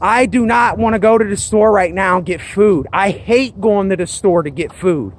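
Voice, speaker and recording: A man's voice: high-pitched, normal speed. A man talking earnestly and emphatically in a personal vlog, circling back to his points. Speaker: vlogger.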